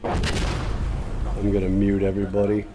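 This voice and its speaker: A man's voice: lowish voice, monotone, slow, noisy background. A man chatting loosely while playing a game, full of fillers and restarts, with sarcastic asides. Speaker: gaming commentator. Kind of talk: casual rambling commentary while playing a game.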